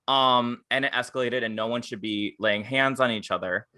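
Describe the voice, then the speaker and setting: A man co-hosting a podcast, chatting casually and telling stories in an animated way, swearing freely. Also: mid-range voice, normal speed, no echo. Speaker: podcast co-host. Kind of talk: casual chat.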